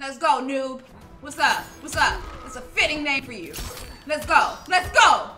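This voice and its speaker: A woman narrates her video game match in excitable, casual commentary, trash-talking her opponent and repeating herself. Her voice is high and very bright, and it swings widely in pitch. Faint game music plays under her. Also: moderate pace. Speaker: gaming streamer.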